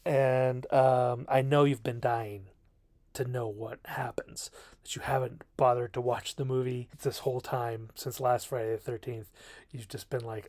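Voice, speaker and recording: A man's voice: medium pitch, fairly even intonation, unhurried, a little mellow, no echo. Rambling, self-mocking man reviewing a film. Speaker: video reviewer. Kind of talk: casual film review monologue. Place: bedroom.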